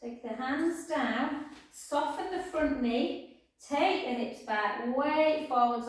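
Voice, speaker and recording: A woman leads a pilates class, her high voice unhurried and soothing. She speaks slowly and gently, sighing her praise. She sounds far from the mic in a very echoey studio. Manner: soft, slow, soothing cues with sighs of "oh, gorgeous". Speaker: pilates instructor.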